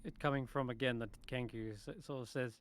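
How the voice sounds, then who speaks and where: A man narrating a tabletop game as game master, halting with many ums and restarts. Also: medium pitch, fairly even intonation.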